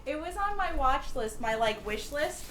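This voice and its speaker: A woman bantering casually off to the side, talking quickly and defensively with lots of "like". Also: sits high, sing-song, a bit bright, reverberant.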